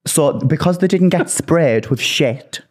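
A young man with a broad Hartlepool accent chats as a guest. He tells crude, animated stories full of acted quotes, his voice swooping up and down. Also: on the high side, unhurried. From Hartlepool, England. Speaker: guest, drag performer. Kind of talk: casual podcast chat.

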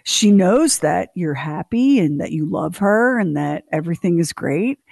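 A woman's voice: lowish voice, expressive, unhurried, creaky, darkish tone, breathy edge, no echo. A woman co-hosting a radio show, telling funny stories in a chatty way and acting out the quotes. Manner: chatty, comedic storytelling with put-on quotes. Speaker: co-host. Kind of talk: casual radio chat.

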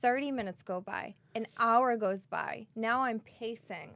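Young woman co-host, Boston accent, high voice, dry close sound, tells stories dramatically. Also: a little slow, vocal fry, hardly any pauses, a bit bright, dry recording. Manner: dramatic, acts out scenes. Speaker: podcast co-host. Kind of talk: casual storytelling chat.

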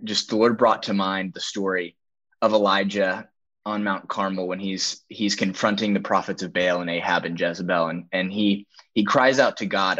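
A man's voice: low voice, steady tone, normal speed, a bit bright. A young man telling a story as a podcast guest, earnest and emphatic, acting out quoted dialogue. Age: young adult. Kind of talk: storytelling testimony. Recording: dull lo-fi audio.

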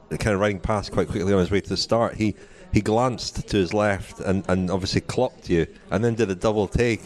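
Lower-voiced man hosting a genial chat. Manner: genial, wry, leads the conversation. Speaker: podcast host. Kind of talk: hosting a casual podcast chat. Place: small restaurant.

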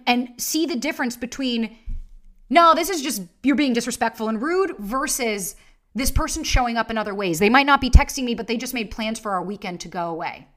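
A young woman talks straight into her podcast mic, her voice bright and a little high. She is blunt and animated, dishing out tough-love dating advice and swearing freely. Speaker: podcast host and dating coach. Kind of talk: casual solo podcast monologue.

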